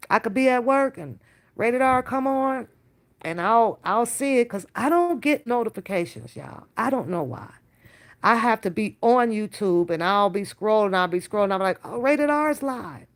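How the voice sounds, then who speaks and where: A woman's voice: mid-range voice, normal speed. A woman hosting a reaction channel, chatting casually with her live viewers, swearing freely and talking in slang. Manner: animated, swearing, slangy, talks to chat directly. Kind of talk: casual live-stream chat.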